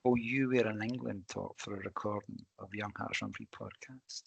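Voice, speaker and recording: A man's voice: fairly low pitch, steady tone, normal speed, gravelly, a little hiss or hum. A man co-hosting a podcast, playful and steering the conversation. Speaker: podcast co-host. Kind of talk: casual podcast chat.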